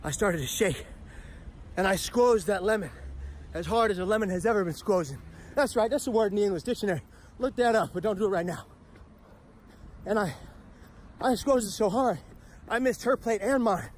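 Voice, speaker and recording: A man speaker telling a comedic personal story in a punchy, animated way with profane asides. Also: high-pitched, normal speed, pauses often, a little hiss or hum. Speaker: motivational speaker.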